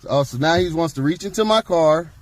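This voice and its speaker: Defiant, cursing man, high voice. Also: animated, a little fast, background noise. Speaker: driver filming a police stop. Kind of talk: confrontational argument with police. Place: parked car. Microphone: handheld recording camera.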